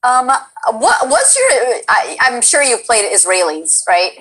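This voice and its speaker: A woman's voice: a little high, wildly swooping pitch, slow pace, a bit bright, rough recording. A woman interviewing a guest over a video call, eager and chatty with lots of fillers.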